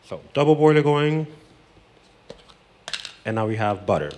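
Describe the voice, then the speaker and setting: A man with a mid-range, slightly mellow voice speaks in an unhurried, sing-song way. He hosts a casual cooking demonstration in a home kitchen, walking through a recipe step by step in a chatty, playful manner and sprinkling in Spanish words.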